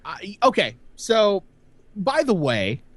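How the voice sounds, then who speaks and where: Animated, high-voiced podcast host. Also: male voice, slow pace, no echo. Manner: animated, rambling with many fillers. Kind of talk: casual gaming news chat.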